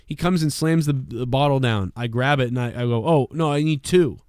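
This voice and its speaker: A man's voice: mid-range voice, fairly quick, darkish tone, clear, resonant tone, no echo, studio quality. A man telling a rambling, profane bar story in casual talk on a podcast. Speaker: podcast co-host.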